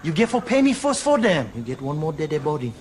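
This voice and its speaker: A blunt diamond smuggler, West African Creole accent. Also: male voice, a little high, very animated, a little fast, a little mellow. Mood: threatening.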